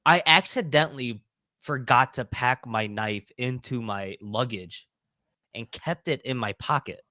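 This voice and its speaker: A man's voice: mid-range voice, a little slow, no room sound, clean studio sound. A man chatting casually on a podcast, telling a story with lots of swearing and acting out the people in it. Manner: animated, swearing, acts out the people in his story. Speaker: podcast co-host.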